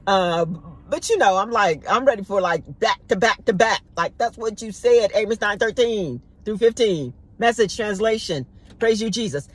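A woman's voice: medium pitch, lively intonation, normal speed, husky. A woman giving an informal devotional sermon, talking conversationally and repeating words for emphasis. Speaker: preacher.

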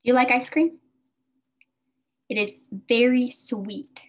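A woman leads a beginner English lesson with a fairly high voice. She talks very slowly and carefully, repeating each word so her learners can follow along. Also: fairly even intonation. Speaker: English teacher.

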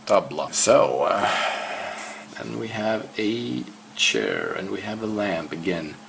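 Slow, low-voiced man. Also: big pitch swings, vocal fry, a bit bright, a little hiss or hum. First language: Swedish. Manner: hesitant, repeats words aloud slowly. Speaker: language learner. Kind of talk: casual self-study walkthrough.

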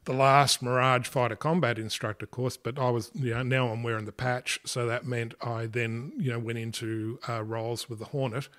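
Older Aussie ex-fighter pilot, mid-range voice, rambling and self-correcting, easy laugh. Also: male voice, mid-range voice, little pitch movement, fairly bright tone. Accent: Australian. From Australia. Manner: halting, many fillers and restarts, laughs often. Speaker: retired air force fighter pilot, guest. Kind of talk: casual interview storytelling.

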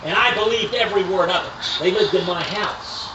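A man from Kentucky preaching a revival sermon in a tent meeting, telling a story and swinging between hushed passages and shouted emphasis. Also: high-pitched, normal speed, noisy background. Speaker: evangelist. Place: tent meeting at rodeo grounds. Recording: distant roomy lo-fi recording with crickets.

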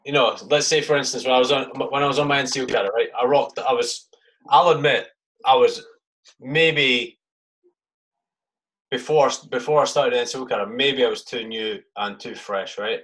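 A man's voice: mid-range voice, steady tone, normal speed, fairly bright tone, low-quality recording. A man hosting a podcast, asking questions and sharing his own army experiences in a laid-back, casually swearing way. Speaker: podcast host. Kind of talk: casual interview chat.

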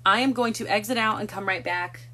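A woman's voice: medium pitch, a little fast, sharp tone. A woman hosting a casual live stream from home on a phone, chatting and greeting viewers by name one after another. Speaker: livestream host.

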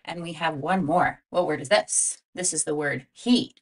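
A woman teaching a phonics lesson to young children, sounding out letters and words slowly and asking prompting questions in a sing-song way. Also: lowish voice, a bit bright. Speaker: reading teacher.

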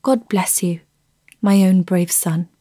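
A woman's voice: lowish voice, slow pace, dark tone, dry recording, studio quality. A woman reading the lines of an agitated, tearful old grandmother.

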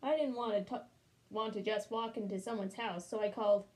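A woman reading a storybook aloud as a smooth-talking male wolf, chatty and wry in tone. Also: mid-range voice, fairly even intonation, brisk, a little mellow, lightly acted. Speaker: storybook reader. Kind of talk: children's read-aloud.

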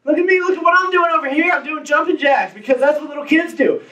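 A man's voice: very high-pitched, fast talker, sharp tone, voice pushed up. A young man voicing a little boy who begs for attention while doing jumping jacks. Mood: eager. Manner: eager, attention-seeking. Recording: roomy hall, distant mic.

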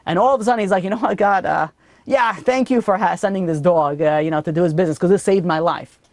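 Animated rabbi telling stories, dry sound. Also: male voice, high voice, quick pace, no echo. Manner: animated storyteller acting out characters. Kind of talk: Torah lesson with storytelling.

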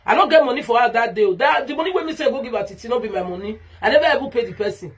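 A woman's voice: on the high side, lively intonation, very fast, slightly rough. A woman with a Nigerian Pidgin accent ranting in a vlog monologue, heated and repetitive as she calls someone out by name. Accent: Nigerian Pidgin English. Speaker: vlogger.

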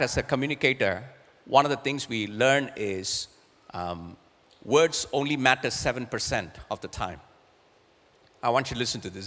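This sermon comes from a middle-aged pastor whose medium-pitched voice has a fairly bright tone. Earnest throughout, he now and then repeats words while reaching for a phrase, and the recording carries long hall reverb.

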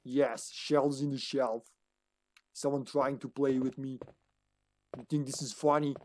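A man's voice: medium pitch, fairly even intonation, unhurried, darkish tone. A man streaming a video game live, chatting casually, giggling often and talking to the game and his cat. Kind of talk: casual gaming commentary.

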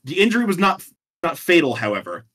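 A young man telling odd court stories on a casual podcast, animated and laughing often. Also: fairly high pitch, quick pace. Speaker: guest presenter on a podcast.

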